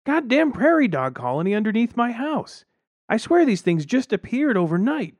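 A man voicing a pompous, showy middle-aged neighbor who shouts when things go wrong. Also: medium pitch, big pitch swings, moderate pace, no room sound, clean studio sound, pitched above the performer's own voice, close to an everyday voice. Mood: outraged.

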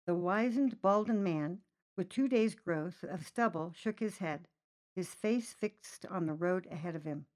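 A woman reading a short story aloud, narrating lively and voicing the characters' lines herself. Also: measured pace. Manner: lively, voices characters with raised pitch. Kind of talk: storybook narration with acted dialogue.

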